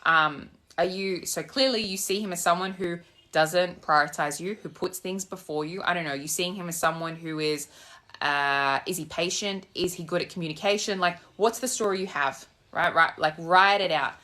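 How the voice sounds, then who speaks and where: A woman's voice: lowish voice, normal speed, bright, forceful tone. A young woman coaching manifestation in a casual live chat, sassy and blunt, swearing freely as she walks outdoors with her phone in hand. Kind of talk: casual live-stream chat answering comments. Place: outdoors on a walk. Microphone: phone held in hand.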